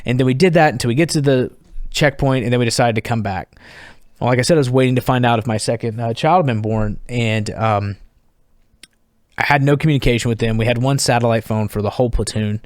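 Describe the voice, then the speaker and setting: Lively male veteran telling war stories. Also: mid-range voice, quick pace, dry recording, clean studio sound. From United States. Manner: animated, laughing, acts out dialogue. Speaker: podcast guest. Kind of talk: storytelling in conversation.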